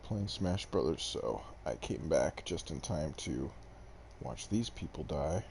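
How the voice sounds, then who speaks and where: A man's voice: a bass voice, very animated, takes it slowly, gravelly, darkish tone, a little hiss or hum. A young man streaming gameplay to a desk mic, chatting casually with viewers in a rambling, self-deprecating way. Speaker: game streamer. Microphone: desk microphone.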